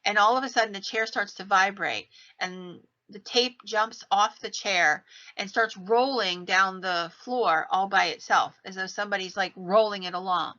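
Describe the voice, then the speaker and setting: Bright-voiced woman telling ghost stories. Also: mid-range voice, moderate pace. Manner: animated retelling, acts out quoted lines in her own voice. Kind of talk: casual storytelling. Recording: slightly dull lo-fi podcast audio.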